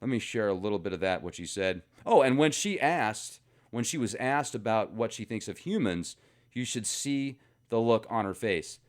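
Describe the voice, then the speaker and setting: A man's voice: fairly low pitch, animated, normal speed. A man hosting a casual commentary video, joking and rambling between topics. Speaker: video host.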